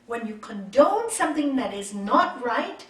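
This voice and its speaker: A middle-aged woman yoga teacher giving a spiritual talk, telling personal stories in an expressive, conversational way. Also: a little high, unhurried. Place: retreat meeting hall. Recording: echoey room, mic far off.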